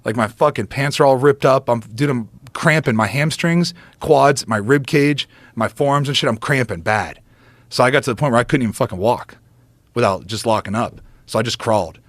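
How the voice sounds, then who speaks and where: A man's voice: mid-range voice, normal speed, no echo. Profane man telling a hunting tale. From United States. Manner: animated, profane, laughing storyteller. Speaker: podcast guest, former football player. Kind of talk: casual storytelling.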